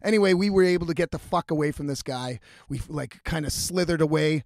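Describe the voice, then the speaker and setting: A man telling a story in a casual, animated, heavily profane way, rambling as he goes. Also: fairly high pitch, a little fast, dry recording, studio quality. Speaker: vlogger.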